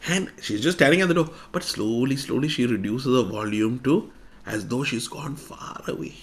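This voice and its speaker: A man who is a spiritual teacher telling a story in a discourse, animated and acting out voices, sometimes dropping to a hush. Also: mid-range voice, moderate pace.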